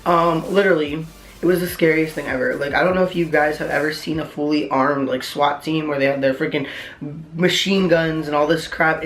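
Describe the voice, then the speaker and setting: Young guy vlogging, rambly and excitable, kinda high voice, echoey room. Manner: rambling, heavy on "like", excitable retelling. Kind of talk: casual storytime vlog.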